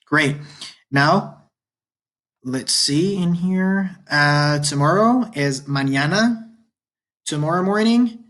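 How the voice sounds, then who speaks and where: A man teaching a beginner Spanish lesson from slides, patiently repeating each example with many pauses. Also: fairly high pitch, a bit bright. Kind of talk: online language lesson explaining slides.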